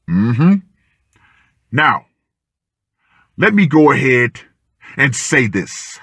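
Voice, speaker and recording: A man giving ranting commentary with emphatic, deliberate, punchy declarations. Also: mid-range voice, sing-song, fairly bright tone, husky, no echo, studio quality. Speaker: online commentator.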